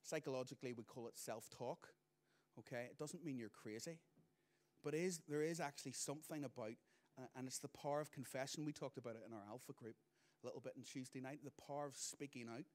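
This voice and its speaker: A middle-aged man, preaching a sermon as pastor, moving between loud emphatic lines and quiet asides. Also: mid-range voice, fast talker.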